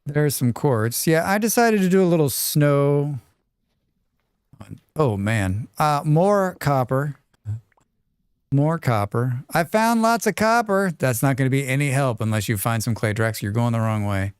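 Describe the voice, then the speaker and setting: Man, game streamer, casual rambling chat, smooth voice, dry sound. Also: medium pitch, measured pace, no room sound. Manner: relaxed, rambling, reads chat aloud. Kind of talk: casual live-stream chat while playing.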